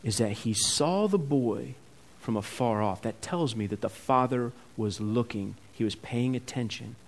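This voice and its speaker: A man preaching a sermon who asks the congregation questions, swings between loud emphatic peaks and quiet asides, and acts out the characters' words as he reads. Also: mid-range voice, unhurried. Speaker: pastor.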